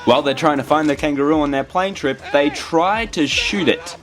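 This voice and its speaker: A man's voice: on the high side, moderate pace, a bit bright, soft background music. A young Australian man narrating a comedic film review in a sarcastic, exasperated tone with some swearing.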